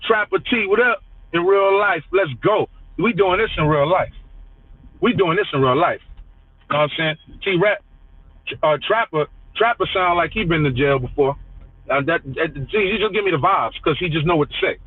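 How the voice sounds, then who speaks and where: A man's voice: high voice, breathy edge, dry recording. A man ranting live to his chat, profane and heated, hammering the same lines over and over. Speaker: livestreamer. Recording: tinny phone-like dry audio.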